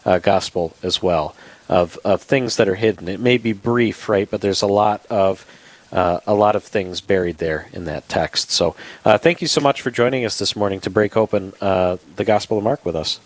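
A man's voice: lowish voice, normal speed, no echo. A man hosting a radio show in a studio, talking casually with many fillers and restarts.

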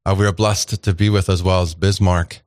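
A man's voice: deep voice, flat delivery, a little fast, no room sound, studio quality. A man hosting a casual radio talk show, chatty and rambling with plenty of fillers and restarts.

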